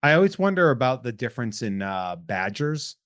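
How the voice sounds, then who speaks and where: A man's voice: mid-range voice, sing-song, fairly quick, fairly bright tone, dry recording, clean studio sound. A man hosting a podcast, chatting casually in a rambling, joking, self-deprecating way. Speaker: podcast host. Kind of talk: casual chat.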